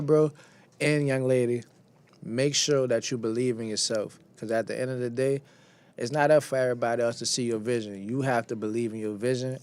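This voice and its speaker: Laid-back young New rapper. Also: male voice, medium pitch. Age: young adult. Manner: laid-back, talks with his mouth full. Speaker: rapper guest. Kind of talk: casual radio interview. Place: radio studio.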